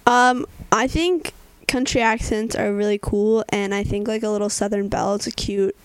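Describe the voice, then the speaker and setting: A woman's voice: mid-range voice, steady tone, normal speed, clear, resonant tone, no echo. A young woman from Delaware co-hosting a podcast, chatting casually in a giggly, rambling way that trails off mid-sentence. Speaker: podcast co-host. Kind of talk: casual chat.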